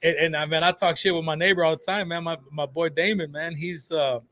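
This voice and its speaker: A man, a phone repair shop owner guesting on a talk show, telling animated stories full of swearing and acted-out quotes. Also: on the high side, fairly quick, crowd noise. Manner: animated storyteller, swears freely, acts out quotes. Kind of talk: casual talk show chat.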